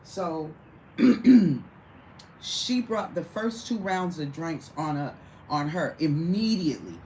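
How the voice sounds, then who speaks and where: Woman, lower register, spinning a bawdy anecdote with big laughs over faint room noise. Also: takes it slowly, low-quality recording. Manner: profane, animated, laughs through the story. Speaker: storyteller. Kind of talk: casual storytelling to a small audience.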